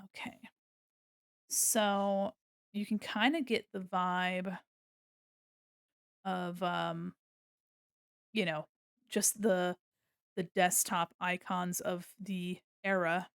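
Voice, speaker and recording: This woman's voice is fairly low, steady, gravelly and very slow, with frequent pauses and a clear, resonant quality, recorded in a clean, echo-free studio. She's an illustrator livestreaming as she draws, chatting casually in a bubbly, giggly way, rambling with plenty of fillers and gushing over her greetings.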